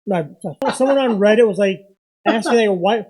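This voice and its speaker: A man co-hosting a casual podcast chat, talking haltingly as he searches for his words. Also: high-pitched, darkish tone, low-quality recording. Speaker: podcast co-host.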